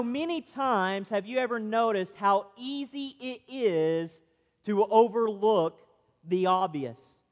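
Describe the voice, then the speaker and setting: A man preaching a sermon as pastor, telling everyday stories with humor before pressing his points. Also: very high voice. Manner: storytelling with humorous asides, building to emphatic points. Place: church sanctuary. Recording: long reverb of a church hall.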